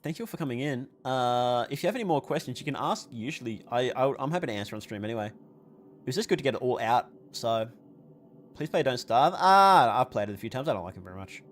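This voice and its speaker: A man's voice: mid-range voice, animated, fast. A tired man hosting a livestream, reading chat questions aloud. He rambles, swears casually and laughs often, and his voice is wearing thin. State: tired, voice weakening. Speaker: livestream host answering chat.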